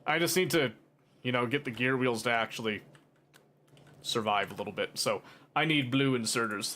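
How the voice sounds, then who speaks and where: Here a man of medium pitch and sharp tone streams a game and chats casually with viewers. His talk is rambling and aimed at the chat, full of playful teasing and mock drama.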